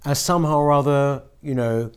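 A man's voice: medium pitch, fairly quick, clean tone. A man interviewing a guest, speaking hesitantly with repeated words and frequent murmurs of agreement. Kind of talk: conversational interview.

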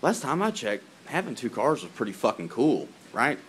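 A man's voice: mid-range voice, very animated, normal speed, a little hiss or hum. A man ranting casually to camera as a vlogger, profane and laughing, drifting off topic outdoors in the rain. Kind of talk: rambling casual rant to camera.

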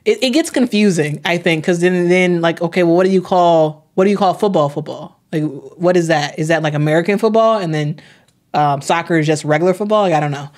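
A woman's voice: lowish voice, fairly quick, darkish tone. A young woman hosting a sports live stream, chatting casually, reading chat comments aloud, often repeating herself with plenty of fillers.

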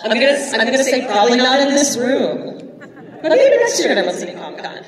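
A woman moderating a convention panel, upbeat and laughing, with quick asides. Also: high voice, huge pitch swings. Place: large indoor convention hall. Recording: echoey hall from far off with crowd.

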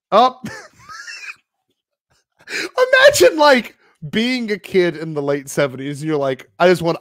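A young man co-hosting a livestream, opening trading cards with nervous, laughing excitement. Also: fairly high pitch, dry recording, studio quality. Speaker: podcast co-host.

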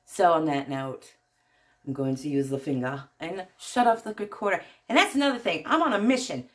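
A woman with a New Jersey accent hosting her own channel, talking to viewers into her phone in an excitable, gushing way, laughing often and trailing off mid-sentence. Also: deep voice, moderate pace. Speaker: YouTube channel host. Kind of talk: casual vlog talk to viewers.

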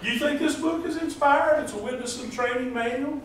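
High-voiced man, folksy preaching, jokey questions to the pews, echoey church hall, distant mic. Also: moderate pace, fairly bright tone, a little hiss or hum. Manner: joking, asks the congregation questions. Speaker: pastor. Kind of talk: folksy sermon.

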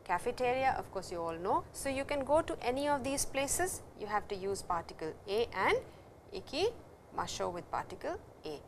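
A middle-aged woman with an Indian English accent giving a patient, explanatory classroom lecture, repeating terms slowly. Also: a little high, sing-song, slight background noise. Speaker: Japanese language teacher.

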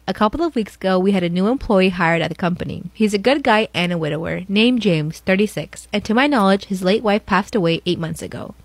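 A woman's voice: medium pitch, no echo. A woman reading an online post aloud and breaking in with incredulous, sarcastic comments. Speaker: storytime reader.

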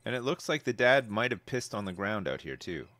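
A man narrating his life-sim game in a casual, wry way, his pitch leaping high in amusement and dropping to low mutters. The sound is dry and close, with no room around it. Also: very animated, brisk, bright, forceful tone, no room sound. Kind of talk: casual gameplay commentary.

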